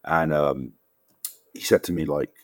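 A man in his thirties with a London accent, telling lively anecdotes as a guest on an interview podcast, acting out what others said. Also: a little slow, dry recording, clean studio sound. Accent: London English. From England. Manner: animated storyteller, acts out quotes with jumps in pitch. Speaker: guest actor.

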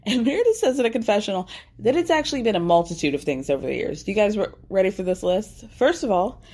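A woman's voice: mid-range voice, very animated, fast, dark tone, slightly rough. Wry, chatty woman podcast host. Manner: chatty and wry, lots of "like" and asides. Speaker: podcast host recapping a TV episode. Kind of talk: casual recap chat.

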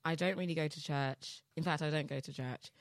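Young woman, low-pitched, podcast co-host, loose rambling delivery full of fillers, dry sound. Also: steady tone, brisk, no echo. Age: young adult. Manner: rambling, many fillers and restarts. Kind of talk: casual chat.

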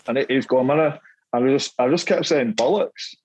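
A man's voice: medium pitch, quick pace, darkish tone, muffled recording. A middle-aged man with a Mancunian accent, a podcast guest telling self-deprecating stories from his playing days, laughing often and repeating words as he goes. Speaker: guest, former footballer. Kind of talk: casual storytelling chat.

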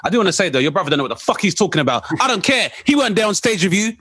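Fast, lively-voiced man chatting. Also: sits high, breathy edge, no echo. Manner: upbeat, encouraging, quick interjections. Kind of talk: casual chat.

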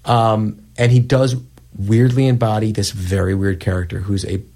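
Halting man breaking down a film. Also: fairly low pitch, little pitch movement, dark tone. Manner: halting, restarts and stammers when building a point. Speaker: podcast co-host. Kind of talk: casual movie review chat.

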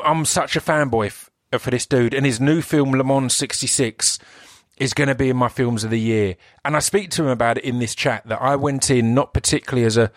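Podcast host, a man with an Essex accent, mid-range voice in a dry booth, talks fast and excited with lots of restarts. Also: mid-range voice, dry recording. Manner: enthusiastic, rambling, self-interrupting. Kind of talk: solo podcast intro.

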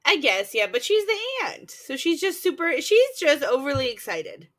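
Woman, podcast co-host, casual chat, chimes in, slightly high voice. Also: sing-song, normal speed, fairly bright tone. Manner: laughs often, chimes in.

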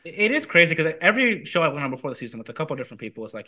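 Rapid, animated man talking TV. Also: fairly high pitch. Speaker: podcast guest. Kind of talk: casual reality TV chat.

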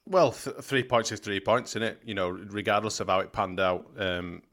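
A man's voice: on the low side, fairly even intonation, moderate pace, a bit bright. A man co-hosting a casual football podcast, talking in a blunt, sweary, rambling way. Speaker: podcast co-host.

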